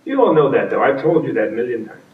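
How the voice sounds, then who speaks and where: A man's voice: medium pitch, very animated, fast talker, phone-quality sound, a little hiss or hum. Playful man telling a story, echoey. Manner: playful storytelling, laughs often. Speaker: teacher. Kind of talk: humorous dharma talk. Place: retreat center hall. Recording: roomy, from a distance.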